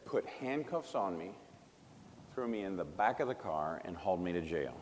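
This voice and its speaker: Male preacher, low voice, emphatic testimony, long hall reverb. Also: animated, normal speed, a little hiss or hum. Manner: emphatic, swinging from loud to hushed. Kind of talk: sermon storytelling.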